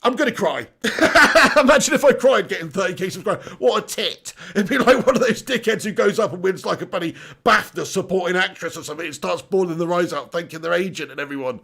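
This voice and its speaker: A high-pitched man hosts a live stream, his voice gravelly with creak. He talks in an excitable, laughing way, full of swearing banter as he reads out viewers' messages. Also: fast talker, hardly any pauses.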